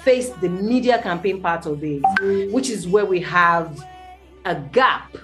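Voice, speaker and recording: A middle-aged woman from Nigeria with a Nigerian Pidgin accent, a studio guest giving a radio interview and telling her story in an animated way, her voice jumping up when she stresses a point. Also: on the low side, measured pace, music in the background. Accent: Nigerian Pidgin English.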